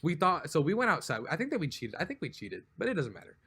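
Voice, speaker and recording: A man's voice: a little high, huge pitch swings, fast, bright, forceful tone, husky. Laughing, rambling male podcast co-host. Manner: rambling storyteller, often laughing, full of "like". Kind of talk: casual chat.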